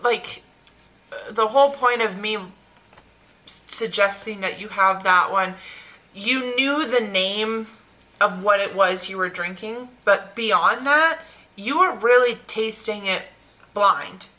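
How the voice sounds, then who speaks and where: A woman's voice: mid-range voice, pushed and bright, rough recording. A woman hosting a casual chat, asking questions and often restarting her sentences. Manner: inquisitive, quick restarts. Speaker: host.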